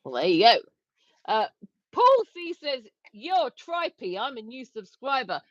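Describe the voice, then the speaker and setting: A woman's voice: a little high, wildly swooping pitch, moderate pace, no room sound. An English woman with a slightly posh accent, co-hosting a livestream in casual chat, reading out viewer comments with a playful, teasing manner. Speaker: livestream co-host. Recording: dry, slightly dull lo-fi stream audio.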